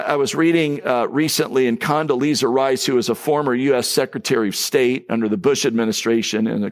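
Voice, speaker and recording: Male pastor, mid-range voice, earnest sermon delivery, casual fillers. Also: medium pitch. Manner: earnest preaching with fillers and restarts.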